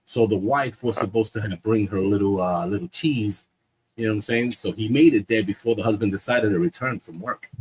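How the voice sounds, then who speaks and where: A man with a husky, breathy voice tells a joke to his friends in casual chat. He is an animated storyteller who keeps laughing at his own punchlines. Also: on the low side, a little fast. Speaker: stream co-host.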